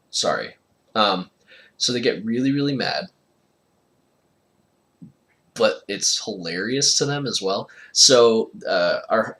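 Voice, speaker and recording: A man's voice: on the low side, pushed and bright. A young man telling a casual personal story, rambling with lots of fillers and frequent laughter.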